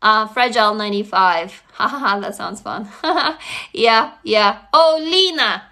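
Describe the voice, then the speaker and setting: A woman's voice: medium pitch, unhurried, bright, forceful tone. A woman from Russia with a Russian accent, native in Russian, chatting casually on a phone livestream, greeting viewers and swearing lightly. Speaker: livestream host. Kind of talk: casual live-stream chat.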